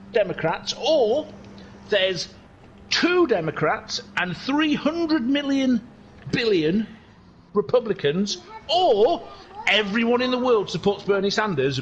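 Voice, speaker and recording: A man's voice: extremely high pitch, dull audio, slight background noise. A man commentating on a sim race stream in a casual way, rambling from joke to joke with plenty of swearing. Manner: rambling, joking and sweary banter.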